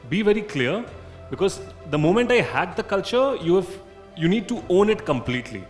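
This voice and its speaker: A man's voice: sits high, sing-song, fairly quick, soft background music. A man speaking as a marketing panelist at a conference, talking in an assertive, emphatic way.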